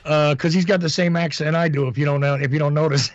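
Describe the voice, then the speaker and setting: A man's voice: fairly high pitch, steady tone, fast, dry recording. Joking man on a dull home line. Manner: joking, rambling, teasing. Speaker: co-host, timekeeper. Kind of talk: casual call-in chat.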